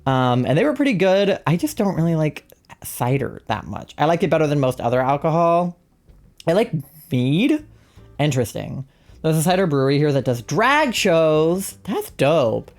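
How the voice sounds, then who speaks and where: Very low-voiced chatty woman streamer. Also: very animated, moderate pace, a little mellow. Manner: chatty, rambling, reads chat aloud. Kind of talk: casual live-stream chat while gaming. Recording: faint music behind.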